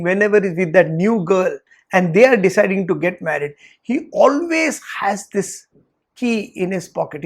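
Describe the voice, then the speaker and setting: A Vedanta teacher speaks in a gravelly, slightly husky voice. The teacher retells a story to make a point, breaking into short quoted lines for each character. The tone stays that of a lecture. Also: mid-range voice.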